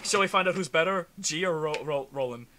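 A man's voice: fairly high pitch, fairly quick, sharp tone, slight background noise. A young man co-hosting a let's play, joking, swearing and laughing through casual gameplay commentary.

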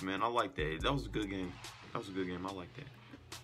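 A young man giving an excited, casual reaction to a basketball game, repeating exclamations and ending his lines with "man" and "bro". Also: deep voice, fairly quick. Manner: hyped, repetitive exclamations, trailing "man" and "bro". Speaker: sports reaction vlogger. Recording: faint music behind.

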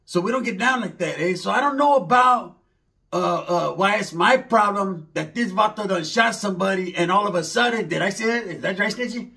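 High-voiced rambling man. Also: a little fast, vocal fry, sharp tone. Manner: rambling, slangy, mixes in Spanish words. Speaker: comedic character monologue. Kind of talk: rambling comedic character monologue.

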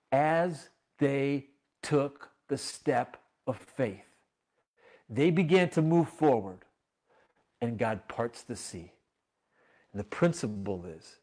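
Male pastor, lively story sermon. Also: mid-range voice. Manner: animated storytelling that acts out the characters.

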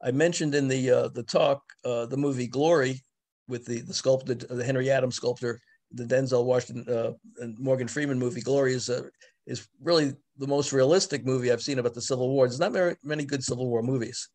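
A man's voice: medium pitch, fairly even intonation, a little mellow. Guy historian doing an online book talk, stops and restarts a lot, video call sound. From the Bronx, New York. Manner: halting, many restarts and fillers. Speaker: author and historian.

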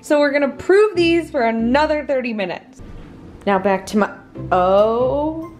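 A woman's voice: high-pitched, expressive, measured pace, faint music behind. A woman vlogger chatting casually as she bakes in her home kitchen, joking and laughing at herself often. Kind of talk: casual baking vlog chat.

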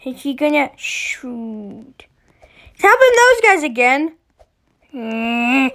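A woman giving casual gameplay commentary, excitable, often shrieking and giggling as she plays. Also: high voice, slow pace, long pauses.

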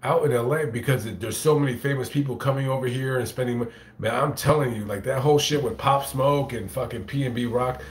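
A man's voice: medium pitch, fairly quick, roomy sound, slight background noise. A man telling a story to camera as a YouTuber, swearing freely, rambling and stumbling over his words with repeated restarts. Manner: profane, rambling, stammering restarts. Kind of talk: casual storytelling to camera, reading chat.

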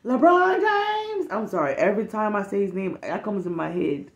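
A woman's voice: fairly low pitch, fast, gravelly, muffled recording. Blunt, profane woman telling a story. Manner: profane, blunt, animated, acts out quotes. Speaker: storytime vlogger who works with kids. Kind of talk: casual storytime monologue. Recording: roomy echo.

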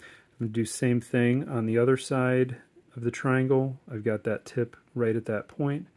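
A man's voice: mid-range voice, normal speed. Male woodcarving instructor, casual and chatty, medium voice, home tutorial. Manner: relaxed, chatty, corny jokes, many fillers.

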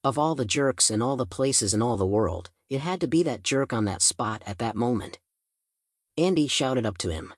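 A man narrating a first-person audiobook in a steady storytelling manner. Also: mid-range voice, moderate pace, dry recording, clean studio sound.

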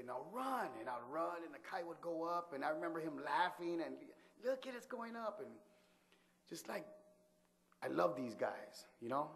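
A man telling a personal story from his childhood in a casual way, often restarting and laughing. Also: medium pitch.

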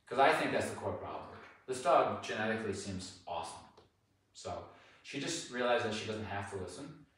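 A man with a lowish voice talks through a dog training session, explaining each step in a plain, steady way. He sounds far from the mic, with a strong echo and a faint hiss behind him. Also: normal speed. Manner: calm explanation broken by high-pitched praise to the dog. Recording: distant echoey mic with faint noise.

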